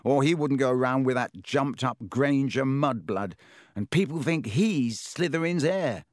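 A man's voice: medium pitch, moderate pace, no room sound, clean studio sound, close to an everyday voice. A man reading a story aloud and voicing a sneering, spoiled schoolboy wizard with a drawling, scornful manner.

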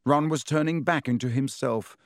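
A man narrating a storybook in a measured way, giving each character a voice. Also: mid-range voice, dry recording, clean studio sound. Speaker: audiobook narrator. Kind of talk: scripted narration.

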